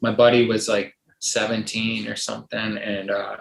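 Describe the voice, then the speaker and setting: A man's voice: on the low side, little pitch movement, moderate pace, creaky. A middle-aged man, a podcast guest, telling a long story in a rambling casual way, full of likes and ums, acting out the voices of others. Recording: roomy echo.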